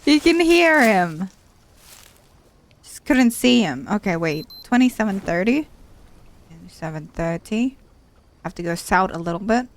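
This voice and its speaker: A woman's voice: mid-range voice, animated, measured pace, long pauses. A woman hosting a let's play who gives casual, chatty commentary and repeats exclamations when something startles her.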